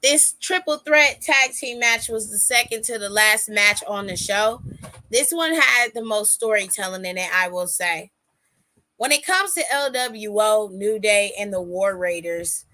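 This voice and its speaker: Bright, lively woman recapping wrestling. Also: medium pitch, measured pace, dry recording. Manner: animated storytelling, acts out quotes, laughs often. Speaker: podcast host.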